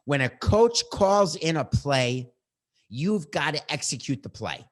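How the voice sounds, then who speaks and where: A middle-aged man hosting a sports podcast, giving his opinions in a combative, animated way and bantering with his producer. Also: on the high side, unhurried.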